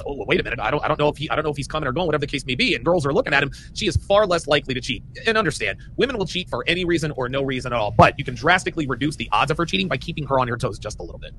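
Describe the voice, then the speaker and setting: A man's voice: a little high, bright, forceful tone, a little hiss or hum, low-quality recording. A man hosting a podcast, giving emphatic dating advice and often repeating his phrases. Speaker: podcast host.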